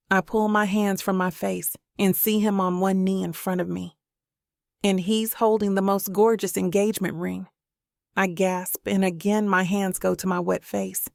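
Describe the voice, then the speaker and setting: A woman's voice: mid-range voice, creaky, no echo. A woman reading a first-person romance audiobook in an earnest, emotional way, close to the microphone. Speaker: audiobook narrator.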